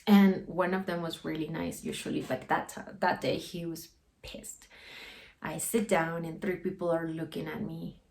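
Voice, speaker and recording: A woman's voice: deep voice, flat delivery, normal speed, vocal fry, darkish tone. A young adult woman telling a personal story in a casual, rambling way, full of "like" and "you know". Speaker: guest sharing a personal story.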